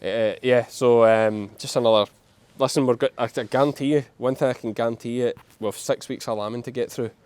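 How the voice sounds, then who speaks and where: Blunt Scottish farmer talking outdoors. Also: male voice, mid-range voice, steady tone, a little fast, few pauses, a little mellow, clear, resonant tone, no room sound. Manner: blunt, swears casually, uses local dialect words. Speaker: sheep farmer and channel host. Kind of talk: casual farm vlog talk to camera. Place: outdoors on a farm among sheep.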